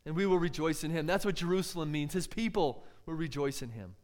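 A man's voice: fairly high pitch, fairly quick, darkish tone. A man preaching a sermon, earnest and expository, often putting rhetorical questions to his listeners.

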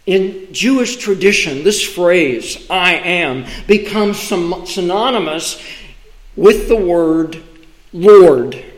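Slow, high-voiced preaching man. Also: echoey room, rough recording. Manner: slow, deliberate preaching with emphatic pauses. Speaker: pastor. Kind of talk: sermon. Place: church sanctuary.

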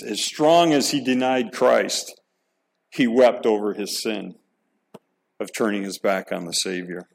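A man's voice: lowish voice, gravelly, poor audio. A middle-aged man preaching a sermon, earnest and emphatic, asking the listeners questions and often repeating words as he restarts a thought. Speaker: pastor.

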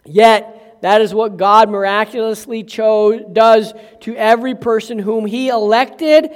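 An older man preaching a sermon as pastor, slow and emphatic, mixing scripture with family stories. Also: high voice, fairly even intonation, in a large hall.

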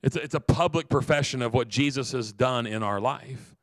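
A man pastor giving an earnest sermon, repeating phrases and slowing down for emphasis. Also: medium pitch, no echo.

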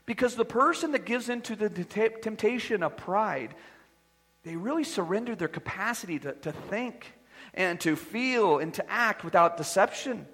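Preaching at normal speed, an animated pastor shifts between hushed asides and booming declarations in a high, husky voice. His words echo with the lingering reverb of a church hall.

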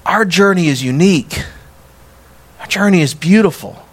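Animated man preaching a sermon. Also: sits high, moderate pace. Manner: animated, rising to emphatic peaks, acts out quoted dialogue. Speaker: pastor.

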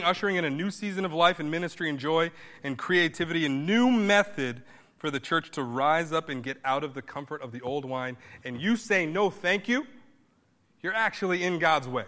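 A male pastor delivers a sermon with a bright, forward tone and a fairly high voice. He talks conversationally, then pushes into emphatic bursts. The sound carries the long reverb of a large church hall. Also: fairly quick.

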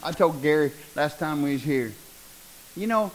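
A middle-aged man preaching a sermon, joking and building to loud bursts. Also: on the high side, moderate pace, rough recording. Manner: animated, joking, preaching with rising bursts and laughter.

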